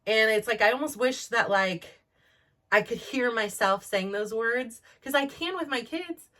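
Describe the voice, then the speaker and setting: Speaking slightly slowly in a bright, forceful, somewhat high voice, a podcast host in her forties talks candidly about personal matters. Her monologue wanders, with many restarts.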